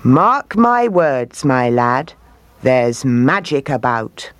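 A woman's voice: extremely low pitch, big pitch swings, extremely slow, no room sound, heavily acted. Woman doing a cryptic ancient old man. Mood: knowing. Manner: knowing, mysterious hints.

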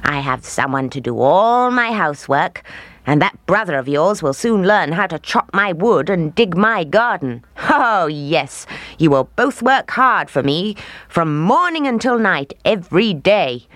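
Snappy bossy old witch, narrator doing the voice, swoops up high and bites off her words, storybook. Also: very animated, a little slow, a bit bright, no room sound. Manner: snapping, snarling, scolding.

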